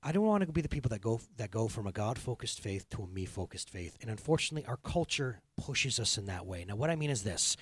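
A man's voice: on the low side, very animated, fast, hardly any pauses, slightly rough. Earnest, impassioned male pastor. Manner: earnest, conversational, rising to impassioned. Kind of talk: sermon.

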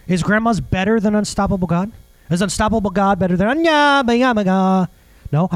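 Animated high-voiced man preaching. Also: dry recording, rough recording. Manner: animated, rhetorical questions, jokey asides. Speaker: pastor. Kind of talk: sermon.

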